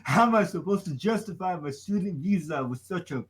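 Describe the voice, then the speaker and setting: A man's voice: sits high, animated, brisk. A man reading the part of an anxious young male foreign student in a casual comic reading, pleading and anxious.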